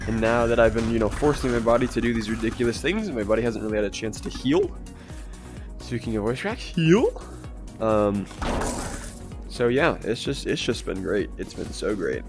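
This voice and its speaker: A young man chatting casually on a gaming livestream, his voice hoarse, strained and congested, rambling, chuckling often and talking to his chat. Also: lowish voice, fairly quick. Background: game music underneath.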